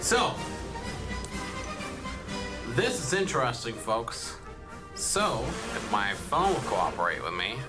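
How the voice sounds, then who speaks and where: A man hosting a casual podcast, loud and excitable, swearing freely. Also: mid-range voice, slow, long pauses, music in the background. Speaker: podcast host.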